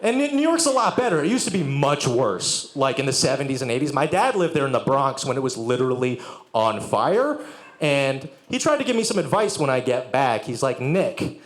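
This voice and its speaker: A man's voice: medium pitch, big pitch swings, brisk. Sardonic male stand-up comic. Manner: sardonic, crowd work with profanity. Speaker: stand-up comedian. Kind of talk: stand-up set. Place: live music venue with audience. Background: audience laughter.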